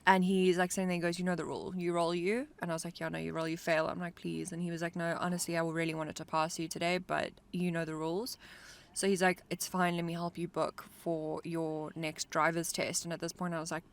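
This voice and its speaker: A young woman recounts a memory in a relaxed chat, her voice sitting on the low side. She talks fast and animated, stringing phrases together with "like", recorded in the close confines of a car. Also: vocal fry. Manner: animated storyteller, lots of "like". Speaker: podcast co-host. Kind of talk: casual storytelling chat.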